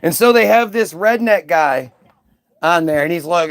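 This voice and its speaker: A man's voice: high voice, expressive, moderate pace. A man giving casual, ranting reaction commentary in a sarcastic tone.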